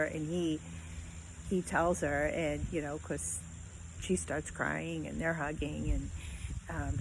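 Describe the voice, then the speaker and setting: A woman's voice: on the low side, a little mellow, low-quality recording. A middle-aged woman telling a personal story in a casual, heartfelt way, rambling with many fillers. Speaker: vlogger. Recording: faint background noise.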